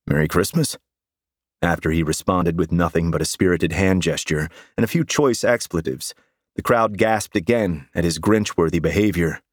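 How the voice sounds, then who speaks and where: A male audiobook narrator with a lowish voice, telling a first-person story in a wry, deadpan way. The sound is close and dry, with no room echo. He keeps an even, scripted storytelling delivery. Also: normal speed.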